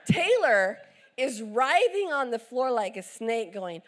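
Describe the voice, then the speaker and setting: A woman's voice: high-pitched, sing-song, slow pace, slight background noise. A middle-aged woman preacher, telling a story in a sermon and acting out the voices of the people in it.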